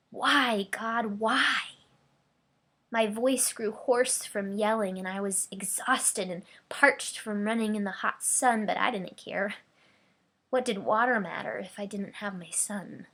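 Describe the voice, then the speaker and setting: A woman preacher giving a dramatic first-person monologue as a grieving, remorseful ancient mother, her delivery swinging between hushed whispers and cries. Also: medium pitch.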